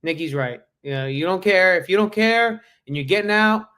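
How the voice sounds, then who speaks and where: A man hosts a reaction show, reacting to a clip in casual, critical asides. His voice sits a little high for a man and his delivery is conversational. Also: animated, normal speed, sharp tone. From Navy veteran.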